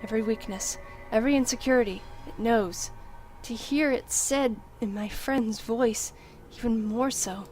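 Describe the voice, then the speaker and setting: A woman's voice: a little high, measured pace, darkish tone, soft background music. Woman reading game narration dramatically. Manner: dramatic, tense reading with occasional slips. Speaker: let's-play reader. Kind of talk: dramatic first-person game narration read aloud.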